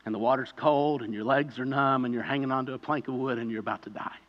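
A man preaching a sermon in a conversational way, telling vivid stories and building to loud pleading peaks. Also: medium pitch, fairly even intonation, quick pace, highs cut off. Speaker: pastor.

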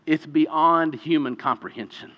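A man preaching a sermon, animated and emphatic, with chatty asides and quick restarts between points. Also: fairly high pitch. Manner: animated preaching with sudden loud emphatic peaks; chatty, self-deprecating asides with fillers and restarts. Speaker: pastor. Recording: muffled, with a long hall reverb.

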